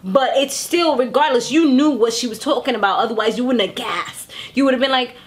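A young woman talks straight to camera, recapping a reality show in a loose, gossipy way. Her voice sits a little high, and she keeps it lively, slipping into bits of the people she describes. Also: a little fast, hardly any pauses. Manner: chatty and animated, acts out quotes. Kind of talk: casual chat.

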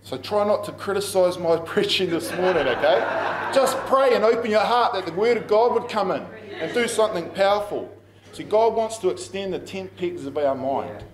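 A man's voice: high-pitched, lively intonation, moderate pace, a crowd in the background. A middle-aged man with a New Zealand accent preaching a sermon as pastor, telling stories in a conversational way and laughing at himself. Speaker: pastor and school principal. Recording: echoey room.

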